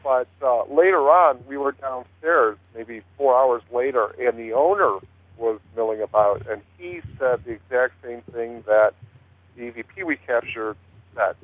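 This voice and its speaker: A man's voice: medium pitch, measured pace, no echo. A man talking about his investigations in a rambling way, with many fillers and restarts. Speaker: paranormal investigator guest. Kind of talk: casual chat on a phone-in talk show. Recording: tinny dry phone line.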